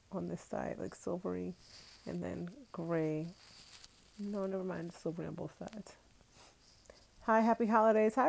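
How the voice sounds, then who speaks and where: A young woman from Brooklyn, New York, with a lowish, creaky, darkish voice, chats casually on a livestream as a vlogger. She reads viewer comments and laughs often.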